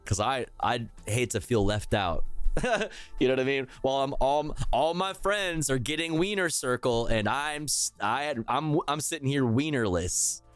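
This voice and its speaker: A man streaming live, reacting to clips with crude jokes and an animated delivery. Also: mid-range voice, normal speed, clear, resonant tone, dry recording, soft background music.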